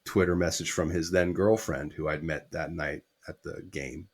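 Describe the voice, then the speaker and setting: A man's voice: extremely low pitch, steady tone, moderate pace, husky. A middle-aged man, a guest musician, telling a casual anecdote with quoted dialogue and the odd swear word.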